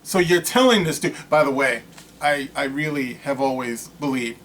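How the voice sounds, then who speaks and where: A man's voice: mid-range voice, normal speed, a bit bright, slight background noise. A man hosting his own vlog, ranting in a casual, rambling way with lots of asides and storytelling. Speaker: vlog host. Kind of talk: casual rant to camera.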